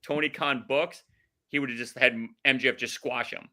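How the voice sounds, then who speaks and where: A man with a very bright, tense voice, talking as a guest in a casual podcast chat. He hesitates and restarts often, then lands his points with force. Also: medium pitch, steady tone. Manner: halting, restarts a lot, then emphatic.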